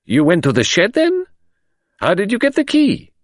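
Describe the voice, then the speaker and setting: A man doing a shrill, excitable French commissary. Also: moderate pace, no room sound, studio quality, exaggerated voice. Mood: pressing. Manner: high, breathless exclamations.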